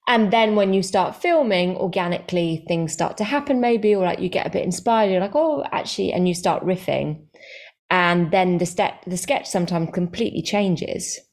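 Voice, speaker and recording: A chatty woman comedian talking casually as a guest in an interview. Her voice sits fairly low and has a gravelly edge. She often restarts her sentences and fills the pauses. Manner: chatty, self-correcting, many fillers.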